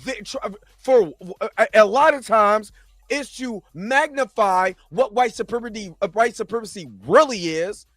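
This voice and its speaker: A man's voice: high voice, normal speed, a bit bright, no room sound. A man hosting a reaction show, delivering heated, impassioned commentary with frequent stumbles and restarts.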